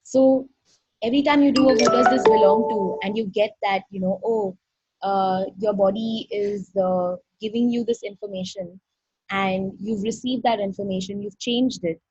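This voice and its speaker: A woman's voice: medium pitch, moderate pace, a little mellow, slightly rough, faint music behind. A woman facilitator giving an effusive, earnest online workshop talk over a video call, often acting out little dialogues. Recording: dull dry video-call audio.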